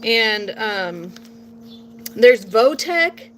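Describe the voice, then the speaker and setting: Very animated, a little high, and drawing out her words, a vlogger in her late thirties from Portland, Oregon chats while crafting outside at home. A nearby phone captures her in low quality with slight background noise, as she rambles folksily and drifts into a playful southern drawl.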